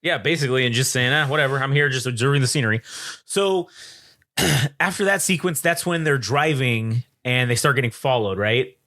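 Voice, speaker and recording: A man's voice: medium pitch, normal speed, bright, forceful tone. A man co-hosting a casual film review chat, animatedly retelling scenes and acting out the characters' lines, with frequent swearing. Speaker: podcast co-host.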